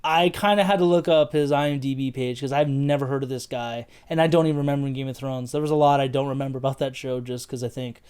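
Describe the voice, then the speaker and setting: A man's voice: medium pitch, steady tone, quick pace, few pauses, a little mellow, smooth. An American man co-hosting a casual film review, rambling loosely with fillers and the odd swear. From United States. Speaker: podcast co-host.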